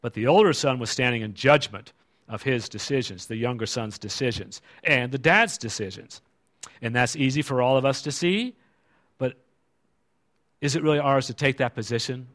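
A man's voice: medium pitch, moderate pace, fairly bright tone. Man preaching a conversational sermon. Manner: conversational, asks the congregation rhetorical questions.

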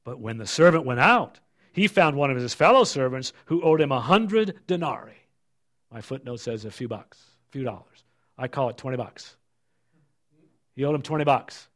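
A middle-aged male pastor giving a sermon and reading scripture aloud, emphatic, then falling soft and low for asides. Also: lively intonation, normal speed.

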